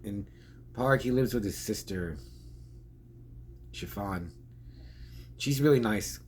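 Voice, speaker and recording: A man's voice: on the low side, slow, slight background noise. A man giving a casual, rambling spoken film review, chatty and laughing often.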